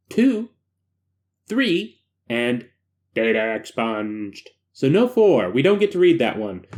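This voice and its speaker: A man reading a horror document aloud as host, breaking off for chatty, self-deprecating asides. His voice sits fairly high for a man. It swings widely and animatedly in pitch. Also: a little mellow.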